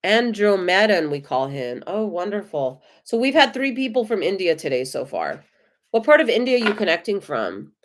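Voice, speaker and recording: A woman with an American accent giving tarot readings on a live stream, gentle, effusive and reassuring. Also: medium pitch, big pitch swings, normal speed. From United States. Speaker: tarot reader.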